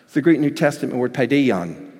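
A male pastor preaching with dynamic swings, dropping to near-hushed tones and then building to emphatic, raised passages. His voice sits at an ordinary mid pitch and carries a long hall reverb. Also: expressive, brisk, breathy edge. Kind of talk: sermon.

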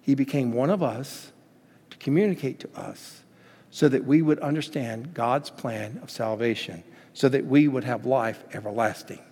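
A man's voice: medium pitch, moderate pace, dark tone, husky, in a large hall. A man preaching a sermon as pastor, telling stories with emphasis and acting out the quotes he cites.

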